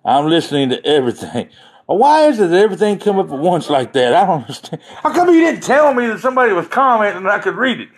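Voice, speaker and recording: A man's voice: sits high, big pitch swings, fast talker, few pauses, breathy edge. A man chatting casually on a live stream, rambling and joking as he talks to his viewers.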